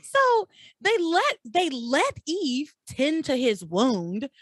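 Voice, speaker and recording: Animated woman, dry close podcast sound. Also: high-pitched, very slow, dry recording. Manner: animated, incredulous storytelling with exaggerated outrage. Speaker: podcast host recapping a soap opera. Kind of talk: casual chat.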